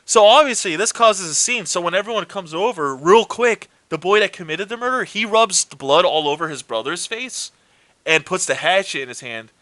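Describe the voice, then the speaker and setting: A man with a fairly high, bright voice retells horror movie plots in a casual chat. He acts out the characters' lines and swears freely. The sound is dry and close. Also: normal speed, no echo. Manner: animated storytelling with swearing and acted quotes. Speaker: co-host.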